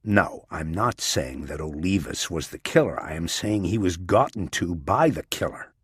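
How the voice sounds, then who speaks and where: Man doing a stubborn male detective, low and husky. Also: lively intonation, moderate pace, full character voice. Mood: insistent. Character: stubborn middle-aged male police detective.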